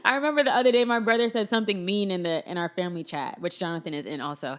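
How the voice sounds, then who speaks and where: A woman's voice: medium pitch, very fast. Laughing young woman telling stories. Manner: laughs often, animated storytelling. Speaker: podcast co-host. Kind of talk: casual chat.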